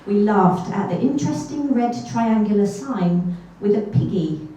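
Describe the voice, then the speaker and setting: A woman's voice: medium pitch, lively intonation, a little slow, mellow. A woman telling a true story on stage at a live event, chatty and self-deprecating, with little asides. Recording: echoey hall from far off.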